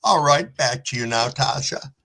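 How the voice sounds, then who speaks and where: Upbeat guy hosting a live stream, bright forceful voice, shouts out the chat. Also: medium pitch, moderate pace, vocal fry, poor audio. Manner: upbeat, greets chat viewers by name. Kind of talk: casual chat.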